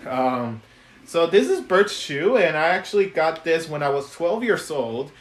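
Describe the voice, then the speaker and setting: A man's voice: a little high, very animated, a little slow. A man chatting casually on a live stream about puppets he made, giggly, with lots of ums and restarts. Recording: echoey room.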